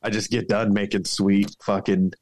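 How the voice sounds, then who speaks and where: A man's voice: fairly low pitch, flat delivery, moderate pace, background noise. A man guesting on a casual podcast, talking in crude, profane, joking banter.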